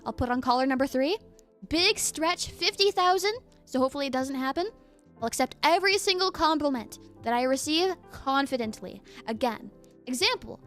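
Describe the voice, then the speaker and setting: High-voiced playful woman streamer. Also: fairly bright tone. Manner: playful, laughs often, reads chat aloud. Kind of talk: casual live-stream chat.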